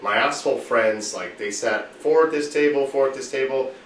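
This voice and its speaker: A boisterous man with a bright, forceful voice tells a rowdy story, swearing freely and acting out the other people in it. He sits back from the mic in an echoey room with faint noise behind him. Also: mid-range voice, moderate pace, far from the mic. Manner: profane, boisterous storyteller who acts out quotes. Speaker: podcast host telling a story. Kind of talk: casual storytelling among friends.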